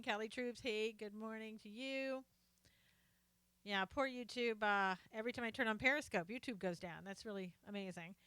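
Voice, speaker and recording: A woman's voice: fairly high pitch, sharp tone, clean tone, no room sound. A woman hosting a casual live stream, chatting, greeting viewers by name and reading their comments aloud, often trailing off with fillers.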